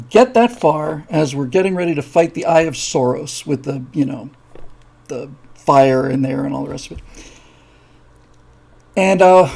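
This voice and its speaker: A man hosting a live show, his voice gravelly and somewhat husky, pitched a bit higher than most men. He rambles through a casual story, full of fillers and restarts, and slips into quick acted-out voices. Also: warm tone. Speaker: host.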